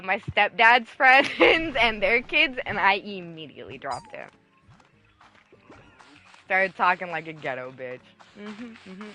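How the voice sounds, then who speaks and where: Bright, candid young woman streamer. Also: mid-range voice, rough recording. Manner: candid, swears freely, laughs easily. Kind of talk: casual storytelling chat.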